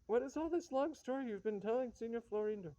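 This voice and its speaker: A man voicing a sharp, scolding noblewoman who is disguised as a man, in a reading of a stage comedy. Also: very high-pitched, fast, dry recording, pitched above the performer's own voice. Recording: dull lo-fi recording.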